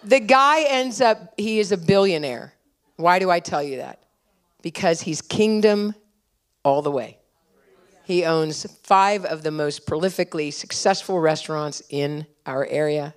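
Middle-aged female conference preacher, a bit low-pitched, animated storyteller, urgent exhortations. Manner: animated storytelling, laughing at her own stories. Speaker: conference speaker. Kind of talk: sermon.

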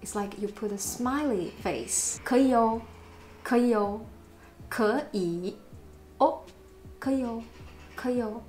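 A woman's voice: a little high, takes it slowly, long pauses, darkish tone, soft background music. A Taiwanese-accented woman, a native Mandarin speaker, giving a language lesson and repeating sample phrases with playful, exaggerated intonation. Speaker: language teacher. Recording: roomy echo.

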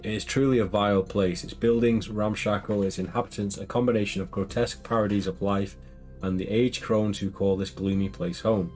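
A man's voice: lowish voice, fairly quick. A man reading a gamebook aloud and joking dryly with his co-player, with faint music behind. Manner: steady narration broken by dry jokes.

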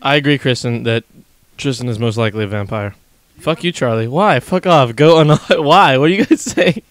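A young man co-hosting a podcast, loud, jokey and excitable in casual banter at a desk mic. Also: medium pitch, moderate pace, dry recording. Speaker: podcast co-host.

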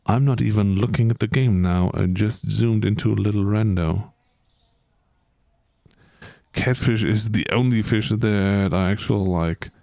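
A man's voice: on the low side, a little mellow, no echo. A man streaming a game, chatting casually and playfully with his viewers in a rambling way. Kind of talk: casual live-stream chat.

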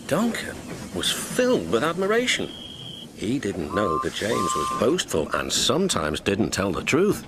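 A man narrating a children's storybook with gentle, expressive telling. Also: on the low side, measured pace, noisy background. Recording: music playing behind.

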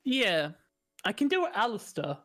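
High-voiced man chatting animatedly. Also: unhurried, no room sound, clean studio sound. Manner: animated, swearing, self-mocking. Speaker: podcast co-host. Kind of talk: casual chat. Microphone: studio mic.

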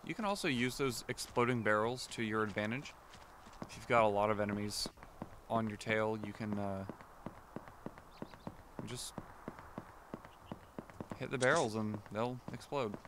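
A man's voice: on the low side, unhurried, long pauses, background noise. A man casually commenting on his gameplay as a let's play host, chatty and rambling, often correcting himself. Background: game music.

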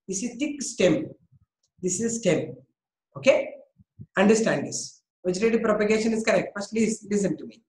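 A woman's voice: mid-range voice, animated, moderate pace, a little mellow. Echoey Indian woman teaching biology. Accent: Indian English. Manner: coaxing, repeats questions, praises students by name. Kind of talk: online class teaching.

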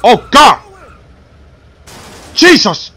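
Brash gangster boss, lively and bright-voiced, a man putting it on while commenting on his game, barking threats. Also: very high-pitched, drawn-out words, breathy edge, heavily acted. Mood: yelling. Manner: brash, shouting threats at the screen. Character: cocky male Cuban gangster boss, hot-tempered. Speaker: gameplay commentator.

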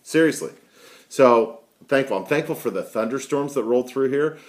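A man's voice: mid-range voice, expressive, normal speed. A middle-aged man hosting a casual daily video show from home on a headset mic, rambling and chatty with frequent "right?" asides. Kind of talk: casual daily talk to camera.

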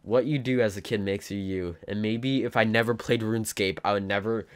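A man's voice: fairly low pitch, fairly even intonation, fairly quick, clean tone. Rambling teenage guy telling a story. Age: teens. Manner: rambling, self-mocking, dramatic. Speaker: YouTuber. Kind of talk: casual storytime vlog.

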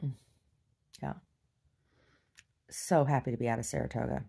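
A woman's voice: a bass voice, fairly even intonation, moderate pace, vocal fry, warm tone, breathy edge. A woman recording a casual video diary, venting bluntly with plenty of swearing and mocking the people she talks about. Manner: blunt, profane, exasperated venting; mocks others in exaggerated voices. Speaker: video diarist.

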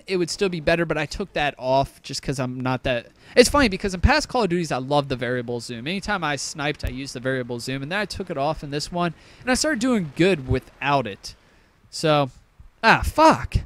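A young man with a slightly high voice commenting on his own match. He rambles loosely, swears a lot and pokes fun at his own play. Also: a bit bright. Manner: rambling, swears often, self-deprecating. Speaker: gaming YouTuber. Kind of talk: casual gameplay commentary.

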